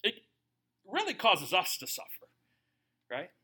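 High, bright-voiced preacher acting out voices. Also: male voice, unhurried, breathy edge. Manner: animated preaching that acts out quoted voices. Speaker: pastor. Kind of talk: sermon.

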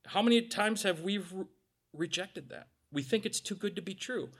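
A middle-aged male pastor preaching a sermon, animated, acting out little voices and swinging from loud to quiet. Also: high-pitched, moderate pace, breathy edge.

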